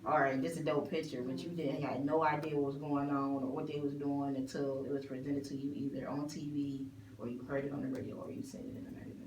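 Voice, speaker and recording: A woman guest DJ in a casual chat, talking in a relaxed, conversational way. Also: rumbling low, quick pace, few pauses, a little hiss or hum. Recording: roomy, distant mic.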